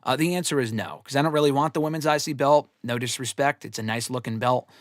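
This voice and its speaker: A man's voice: mid-range voice, fast talker, dry recording. Rambling, profane man on a dry mic. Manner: rambling, profane, self-deprecating storytelling. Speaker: wrestling show host answering fan questions. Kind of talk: casual livestream chat.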